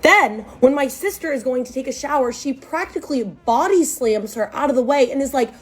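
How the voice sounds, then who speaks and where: A woman in her twenties telling a scripted storytime, sarcastic and exasperated, with sudden jumps in pitch. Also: lively intonation, a little fast, few pauses, slightly rough.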